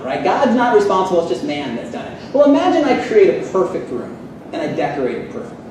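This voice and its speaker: A man's voice: on the high side, sing-song, brisk, noisy background. A man giving a sarcastic, fired-up debate speech to a live audience at a seminary. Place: seminary hall. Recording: echoey hall, distant mic.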